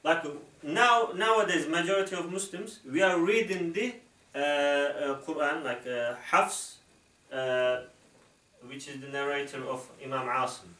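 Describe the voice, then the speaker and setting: Male instructor, slightly raised pitch, halting filler-heavy explainer, distant echoey recording. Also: bright, forceful tone. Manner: halting, filler-heavy, keeps checking with "okay?". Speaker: Islamic instructor. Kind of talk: explaining to an interviewer. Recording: roomy, distant mic.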